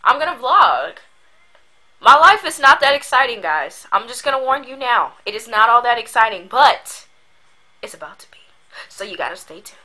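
Young woman vlogging at home, super expressive, bright voice pitched a bit high, goofy and dramatic. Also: brisk, low-quality recording. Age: young adult. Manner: overdramatic, goofy, slangy and animated. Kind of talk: casual vlog monologue. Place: at home while packing. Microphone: built-in camera mic.

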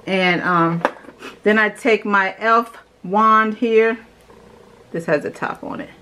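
A woman's voice: medium pitch, slow, sharp tone, slight background noise, poor audio. A young adult woman chatting enthusiastically as she shows her morning skincare routine at home. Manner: chatty, enthusiastic, talks while doing the steps. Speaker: beauty vlogger. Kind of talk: casual skincare routine demo.

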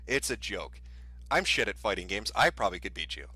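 Sneering, animated male commentary ranter. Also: fairly low pitch, fairly quick, no room sound. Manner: mocking, profane, sarcastic. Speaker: commentary streamer. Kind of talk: ranting commentary.

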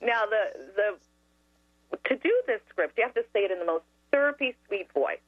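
A woman telling a story as a talk show guest, animated and laughing often. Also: mid-range voice, moderate pace, no echo, faint music behind. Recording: dry tinny phone line.

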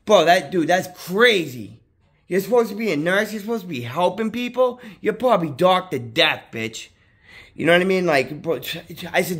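Guy rambling into his camera, kinda high voice, swears a lot, says dude every other line. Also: moderate pace, husky. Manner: rambling and profane, full of "dude" and "you know what I mean"; excitable, voice jumps up when worked up. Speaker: vlogger. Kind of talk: casual storytelling to camera.

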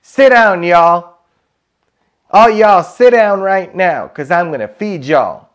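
A bossy southern mother, played by a man, calls her family to the table in a put-on Southern drawl. Her voice is pushed high and loud, and she gives orders rather than asking. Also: lively intonation, takes it slowly. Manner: loud, commanding.

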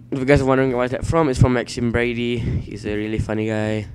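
A man giving let's play commentary at his computer, excitable and quick to shout and swear at the game. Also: mid-range voice, clear, resonant tone. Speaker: gameplay commentator.

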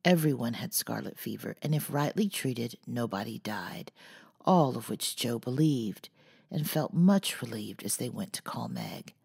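A woman narrating an audiobook in a soft, measured way, sometimes nearly whispering, with a husky voice. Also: rumbling low, animated. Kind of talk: audiobook reading.

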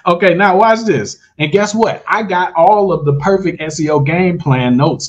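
A man's voice: high-pitched, normal speed. A man hosting a casual livestream, giving a hyped, salesy pep talk straight to his viewers, full of slang and repeated phrases for emphasis. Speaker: host of an online money-making livestream.

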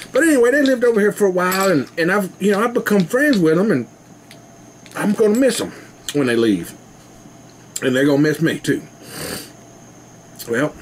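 A man's voice: a little high, a bit bright, slight background noise. A man rambling casually to his camera at home, laughing often. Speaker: vlogger. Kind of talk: casual rambling video chat.

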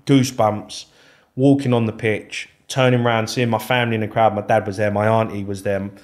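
A man's voice: fairly low pitch, a little fast. Candid, foul-mouthed man telling stories. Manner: candid, swears freely, animated recounting. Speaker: podcast guest, former footballer. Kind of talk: casual storytelling interview.

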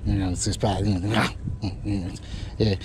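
A man's voice: lowish voice, flat delivery, slow, background noise. A man hosting a fishing vlog outdoors on a lake boat, chatting to the fish and his viewers. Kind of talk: casual fishing vlog narration.

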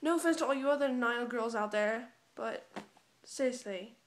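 A woman's voice: a little high, normal speed, a little hiss or hum. A girl in her teens, chatting casually and bluntly, swearing and putting on a mock British accent. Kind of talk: casual chat to camera. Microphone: phone camera.

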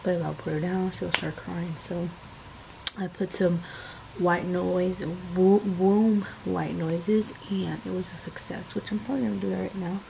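A woman's voice: lowish voice, steady tone, normal speed, gravelly. Casting: young mother, casual home vlog talk to a handheld camera, chatty, background noise. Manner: chatty, soothing baby in a sing-song voice. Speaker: vlogger, mother.

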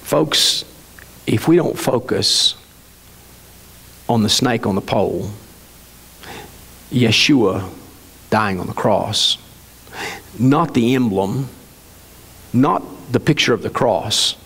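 A preacher in a reverberant church. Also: male voice, medium pitch, creaky, fairly bright tone, breathy edge. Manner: reading a satirical parable aloud, slowing for emphasis. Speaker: pastor. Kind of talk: sermon. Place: church sanctuary. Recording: long hall reverb.

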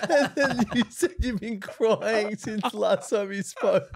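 A man's voice: sits high, slow, vocal fry, a little hiss or hum. A man co-hosting a podcast, reacting with laughter and disbelief in casual banter. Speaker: podcast co-host.

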